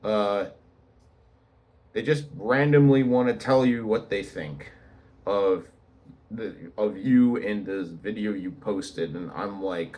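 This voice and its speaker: Young man, sarcastic, rambling vlog talk, unhurried. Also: on the low side, highs cut off. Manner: rambling, sarcastic, many restarts. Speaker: YouTuber. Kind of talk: casual talking-head commentary.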